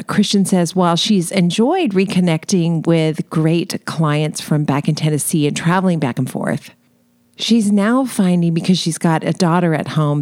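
Effusive woman podcast host, low voice, dry studio sound. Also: darkish tone, dry recording. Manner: upbeat, effusive. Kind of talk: scripted podcast intro.

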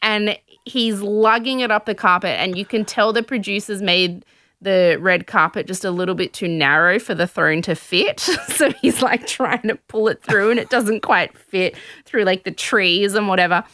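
A woman's voice: medium pitch, normal speed, pushed and bright, no room sound. A woman recapping a TV episode in casual chat, a chatty storyteller full of "like" and "um".

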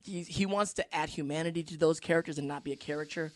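Earnest man, a bit high voice. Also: quick pace, no room sound. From United States. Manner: animated, earnest, thinks aloud with restarts. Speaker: actor guest. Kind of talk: casual podcast chat.

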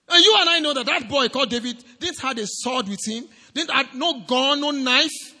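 A man preaching a sermon as pastor, swinging from shouts to low, quiet lines. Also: a little fast, few pauses, in a large hall. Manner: animated preaching, rising to shouts and dropping low.

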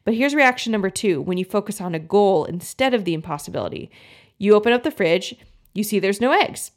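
A young woman hosting a podcast as a health coach, talking in a friendly, earnest way and acting out inner thoughts in animated little voices. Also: medium pitch, fairly quick. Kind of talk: casual solo podcast talk.

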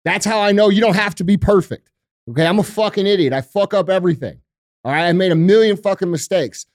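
A man's voice: high-pitched, fast talker, dry recording, clean studio sound. A man hosting a podcast in casual chat, blunt and heavy on swearing, ranting with motivational conviction. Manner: blunt, profane and emphatic. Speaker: podcast host.

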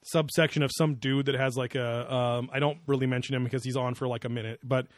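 A man's voice: medium pitch, flat delivery, fast talker, no echo, studio quality. A man co-hosting a casual podcast chat, laughing often and joking loosely with some swearing. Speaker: podcast co-host.

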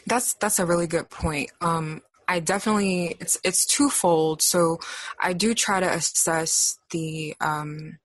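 Low-voiced woman therapist explaining calmly. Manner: measured, explanatory, frequent pauses. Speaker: therapist, interview guest. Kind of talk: professional conversation.

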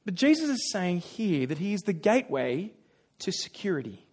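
High-voiced pastor with animated storytelling. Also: male voice, normal speed. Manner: animated storytelling with self-deprecating humor; acts out little voices in his stories. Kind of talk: sermon.

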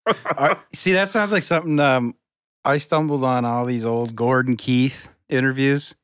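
A man's voice: mid-range voice, unhurried, fairly bright tone, smooth, no room sound, clean studio sound. A man co-hosting a podcast, cracking jokes and rambling through explanations in casual chat. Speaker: podcast co-host. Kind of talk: casual chat among friends.

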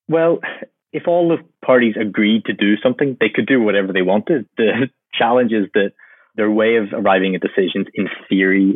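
A man answering interview questions as a climate policy expert, explaining in a measured, lightly wry way. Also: lowish voice, husky, no echo. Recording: tinny phone-like line, dry.

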